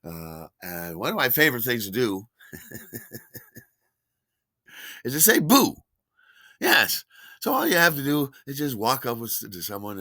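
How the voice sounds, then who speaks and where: Man telling a story, bright voice, swoops up and down, dry close sound. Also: dry recording. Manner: animated, delighted, acts out quotes with big pitch jumps. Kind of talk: casual spoken storytelling.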